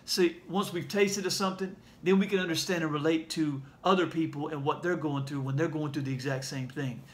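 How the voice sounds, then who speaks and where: Earnest Southern man, halting speech. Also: fairly high pitch, fairly even intonation. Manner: earnest, halting, many fillers. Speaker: ministry leader sharing a message. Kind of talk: casual heartfelt video message.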